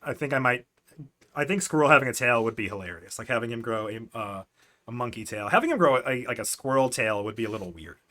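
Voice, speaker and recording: A man's voice: medium pitch, expressive, fast talker, sharp tone. A man streaming as a game master, casually recapping his last tabletop session in a rambling, self-correcting way with frequent laughs.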